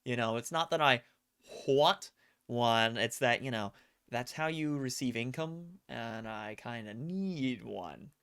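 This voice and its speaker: A smooth, slightly bright medium-pitched voice moves at a slow pace as this adult streamer chats casually with viewers. They wander through stories, act out what people said, and tease themselves.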